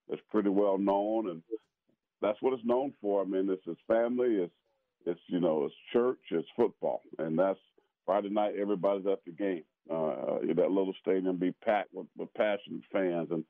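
A man's voice: low-pitched, no room sound. A man from South Carolina, a pastor and former football player, talking casually with many restarts and fillers. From South Carolina, USA. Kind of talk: casual conversation. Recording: tinny phone-like line.

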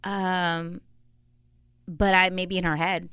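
A woman co-hosting a podcast in casual chat, talkative and quick to laugh. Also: lowish voice, flat delivery, fairly bright tone, smooth, dry recording, clean studio sound. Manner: chatty, laughs often, quick asides. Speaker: podcast co-host.

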